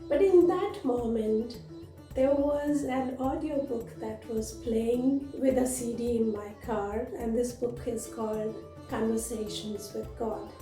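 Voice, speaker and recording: A woman yoga teacher speaking earnestly to her channel viewers, telling a personal story with gentle emotion. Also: on the high side, steady tone, measured pace, faint music behind. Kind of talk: spiritual talk to camera. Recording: roomy echo, voice from a distance.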